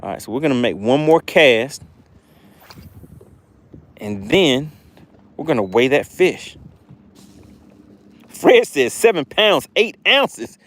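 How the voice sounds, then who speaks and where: A man's voice: medium pitch, sing-song, slow, pauses often. A man with a Southern accent hosting a fishing livestream, chatting upbeat with viewers and reading out their comments. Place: outdoors fishing.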